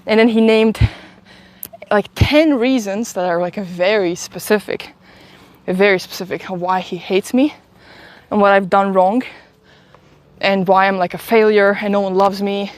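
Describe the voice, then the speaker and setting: A woman's voice: medium pitch, steady tone, normal speed, dry recording. A young woman chats into her phone as she walks outdoors on a live stream. She rambles through stories with laughs and swearing, sounding a little under the weather. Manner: chatty, rambling storytelling with frequent laughs and swearing. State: sick, stuffy. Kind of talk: casual live-stream chat while walking. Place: outdoors walking uphill in a town.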